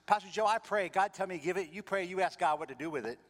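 A man putting on the high, bubbly voice of an eager Korean man calling on the phone, with a Korean accent and clipped phrasing. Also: fast talker, a bit bright, long reverb tail.

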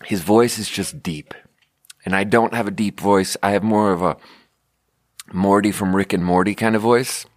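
A man's voice: on the low side, normal speed, no room sound, clean studio sound. A man in his thirties hosting a podcast, telling a rambling comic story with sarcastic asides and constant self-corrections. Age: 30s. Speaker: podcast host. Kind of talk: rambling comedic storytelling monologue.

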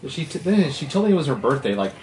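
A man's voice: on the high side, sing-song, quick pace, a little mellow, slight background noise. A man chatting casually as a player in a tabletop game, rambling and joking with lots of fillers. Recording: roomy echo.

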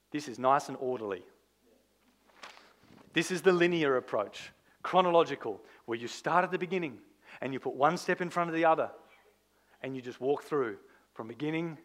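A man, a pastor, preaching a sermon in an animated, conversational way, full of rhetorical questions. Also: fairly high pitch.

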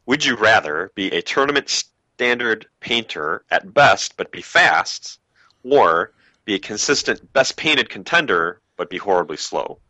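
Co-host, man, lowish voice with lively swings, dry close sound. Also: a little slow, no echo. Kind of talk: casual podcast chat.

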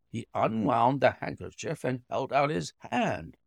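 A man reading a classic story aloud in expressive, dramatic narration. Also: medium pitch, unhurried, vocal fry, hardly any pauses, dry recording, studio quality. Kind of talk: scripted audiobook narration.

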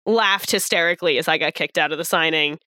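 A woman co-hosting a podcast, telling a story with lively swearing and acted-out dialogue in casual chat. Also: low voice, fast talker, dry recording, clean studio sound. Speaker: podcast co-host.

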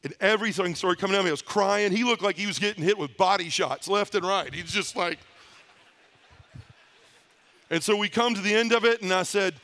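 A middle-aged man from the Memphis area giving a spoken testimony to a conference crowd. He tells it in lively scenes and acts out the other people's voices. His voice sits high and sounds bright and forceful. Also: brisk. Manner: animated storyteller acting out voices. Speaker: conference speaker. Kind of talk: storytelling testimony talk.

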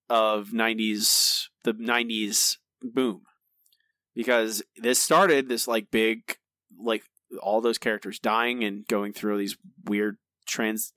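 A man's voice: medium pitch, a bit bright, no room sound, clean studio sound. Rambling man co-hosting a podcast. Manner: rambling with many restarts. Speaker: podcast co-host. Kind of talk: casual chat.

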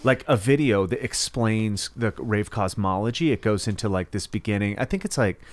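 A man's voice: fairly low pitch, moderate pace, dry recording. A man hosting a podcast interview, talking in a loose, chatty way, laughing often and swearing casually. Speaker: podcast host.

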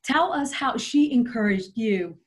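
A woman interviewer asking questions and affirming the guest, gently emotional. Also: on the high side, expressive, unhurried.

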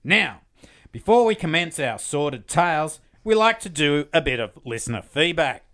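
Australian male co-host, high-pitched and sharp-toned, playful banter. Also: big pitch swings, moderate pace. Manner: jokey, reads listener posts aloud with relish. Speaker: podcast co-host. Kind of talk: casual podcast chat.

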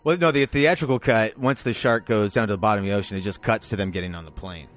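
A man's voice: lowish voice, quick pace, a bit bright. A man co-hosting a podcast, casually explaining film trivia with a knowing tone and dry laughs. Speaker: podcast co-host.

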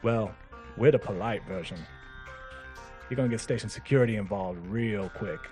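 A man playing a tabletop game, speaking in character and out, playful and quick to laugh. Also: on the low side, darkish tone, faint music behind. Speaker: player. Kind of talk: tabletop role-play.

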